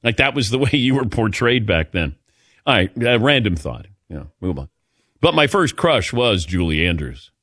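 Lively, joking radio host, dry studio sound. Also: male voice, lowish voice, moderate pace, no echo. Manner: jokey, self-deprecating, lively storytelling. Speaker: sports talk show host. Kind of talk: casual radio chat and live ad reads.

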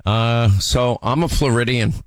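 A man's voice: medium pitch, fairly even intonation, a little slow. A man hosting a talk radio show, reading ads and chatting casually with many ums and restarts. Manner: rambling, with frequent ums and restarts.

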